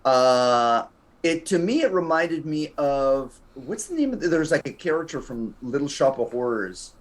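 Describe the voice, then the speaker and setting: Animated, rambling male guest. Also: a little high, normal speed. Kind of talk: casual chat.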